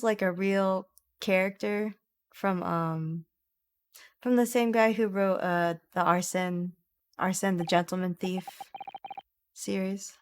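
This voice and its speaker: A young woman streamer commenting on a story game with animated, giggly, dramatic reactions. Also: mid-range voice, slow, pauses often, clear, resonant tone.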